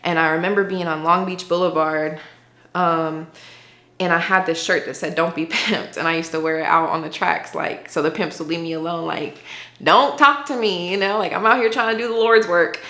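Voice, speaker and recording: A woman's voice: fairly low pitch, steady tone, a little fast, fairly bright tone, reverberant. A woman giving an earnest, conversational faith testimony as an interview guest, often saying "like". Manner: earnest, conversational, heavy use of "like".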